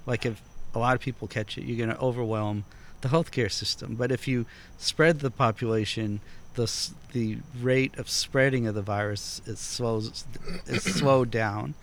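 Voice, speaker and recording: Man casually explaining, mid-pitched voice. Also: fairly even intonation, normal speed, hardly any pauses, slight background noise. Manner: explains at length, hesitant restarts. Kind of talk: casual chat.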